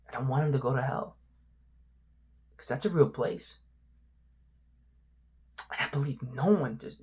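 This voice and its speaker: A man talking candidly about his faith in a personal vlog, reflective and halting, with many "you know" fillers and the odd soft whisper. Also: mid-range voice, very animated. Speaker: vlogger.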